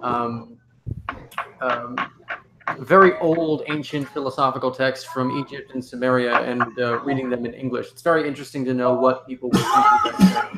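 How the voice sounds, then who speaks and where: A man's voice: medium pitch, fairly even intonation, normal speed. A man talking about his video channel in a casual group chat, hesitant and stammering. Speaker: content creator. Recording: echoey, noisy call audio.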